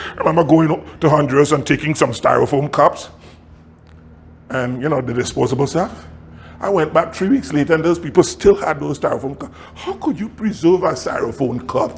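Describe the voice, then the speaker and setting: Animated man preaching a story. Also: mid-range voice, creaky, slight background noise. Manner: animated, laughs often, acts out quotes. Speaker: pastor. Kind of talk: sermon storytelling.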